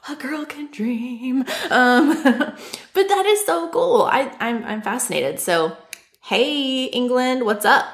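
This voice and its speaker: A woman's voice: sits high, animated, slow pace, fairly bright tone, roomy sound. Bubbly woman podcast co-host. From Nashville, Tennessee. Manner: bubbly, laughs often, chatty. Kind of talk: casual chat.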